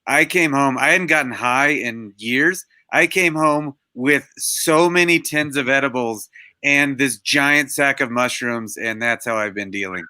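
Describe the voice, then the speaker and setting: A man, a comedian guest, telling a story in a relaxed, laid-back way. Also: medium pitch, a little slow, no room sound. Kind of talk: casual comedy chat.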